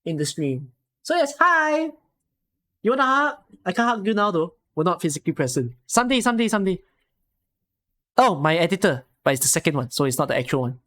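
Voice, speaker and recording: On a live stream, a Singaporean woman chats loosely with viewers in Singaporean English, wandering from topic to topic and exclaiming excitedly. Her voice is on the low side and she talks fast.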